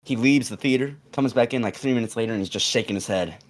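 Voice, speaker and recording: A man's voice: medium pitch, fast. A young man casually telling a long story on a podcast, rambling with fillers and restarts and acting out the quoted lines. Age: young adult.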